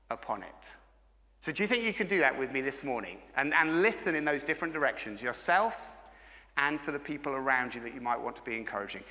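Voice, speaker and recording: Engaging middle-aged preacher, lively delivery and a slightly raised voice. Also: male voice, on the high side, big-room sound, highs cut off. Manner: engaging, asks the congregation frequent questions. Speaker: pastor. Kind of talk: sermon.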